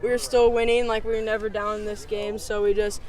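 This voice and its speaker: A teenage girl softball player speaking casually in a postgame interview outdoors at a ballfield. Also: medium pitch, a little fast. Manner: relaxed, laughing, casual fillers. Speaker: high school softball player. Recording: crowd noise behind.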